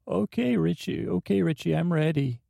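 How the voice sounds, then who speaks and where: A man's voice: fairly high pitch, lively intonation, moderate pace, creaky, mellow, no room sound, clean studio sound, voice pushed up. A man putting on a chirpy folksy goof. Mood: giddy. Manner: folksy, chirpy, says buckaroos and bucko. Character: goofy cheery grown man, folksy and eager. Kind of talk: improvised comedy scene.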